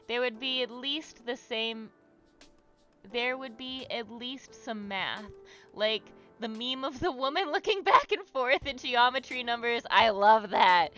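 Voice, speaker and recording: Young woman hosting a livestream while she draws. Her voice is bright and clear, with faint music under it. She talks in a loose, rambling way, full of fillers and restarts, and cheers her viewers on. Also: fairly high pitch, expressive, unhurried, muffled recording. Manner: chatty and rambling, many fillers and restarts, swears casually; warm and encouraging to viewers. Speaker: livestream host leading an art therapy exercise. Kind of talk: casual livestream chat while drawing.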